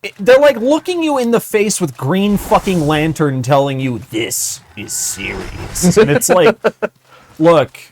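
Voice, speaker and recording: Animated, laughing man chatting on stream. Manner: laughs often between sentences, profane, rambling; animated, jumps up and down in pitch. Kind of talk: casual gaming-stream chat.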